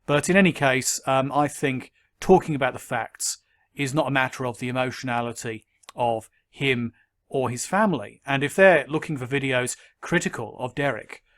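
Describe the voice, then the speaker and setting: A man giving skeptical commentary, measured and critical, with frequent ums and uhs. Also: mid-range voice, a bit bright. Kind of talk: argumentative commentary to camera.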